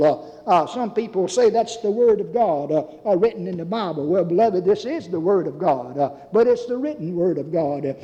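A man preaching a sermon in a halting way, full of fillers, calling his listeners beloved. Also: sits high, dark tone. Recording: dull lo-fi recording with long reverb.

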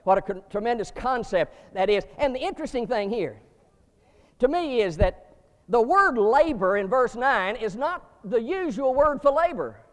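A man preaching a sermon to seminary students, emphatic, with sudden rising bursts and slow stressed words. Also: very high-pitched, expressive, long reverb tail.

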